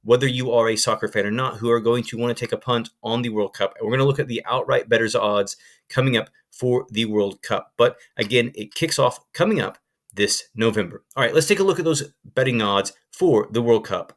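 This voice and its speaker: A man's voice: mid-range voice, fairly quick. A young man hosting a sports betting channel, talking casually and enthusiastically with frequent fillers and restarts. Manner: chatty, filler-heavy, enthusiastic. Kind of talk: casual presenting to camera.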